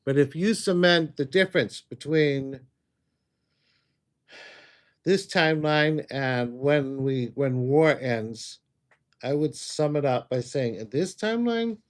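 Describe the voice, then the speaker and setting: A man with a slightly high voice hosts a relaxed livestream. He rambles and chats as he takes viewers' questions one by one. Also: takes it slowly, long pauses. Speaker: psychic livestream host. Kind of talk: casual livestream Q&A.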